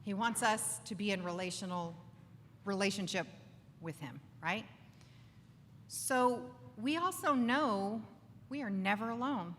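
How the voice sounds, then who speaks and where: Animated woman speaker in a reverberant room. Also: mid-range voice, measured pace, a little hiss or hum. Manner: animated, acts out inner voices, asks the crowd "right?". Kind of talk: lively faith talk to a live audience. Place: bar gathering with live audience. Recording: distant voice with long reverb, faint ambience.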